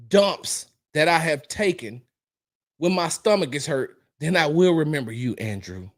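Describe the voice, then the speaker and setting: A man's voice: on the high side, lively intonation, a little slow. A man hosting a casual sports livestream, ranting at a troll in the chat. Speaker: livestream host. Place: home streaming setup.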